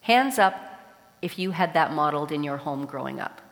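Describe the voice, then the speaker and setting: A woman preaching a sermon in a church, her voice sitting a little low for a woman. She tells a joke first, then speaks straight to the congregation. A long reverb trails each phrase through the hall. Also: steady tone, quick pace, vocal fry. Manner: warm storytelling with a joke, addressing the congregation.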